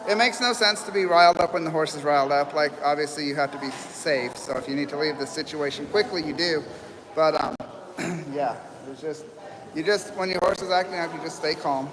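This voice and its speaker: A man with a slightly high voice narrates a live stream at a horse rescue, calm and meandering with plenty of ums. His voice carries a long echo, and a clear hum of voices from a crowd surrounds him. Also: a little fast. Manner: calm, rambling, soft-spoken with fillers. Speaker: livestream host at horse rescue. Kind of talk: live commentary. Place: outdoor horse pens with people around.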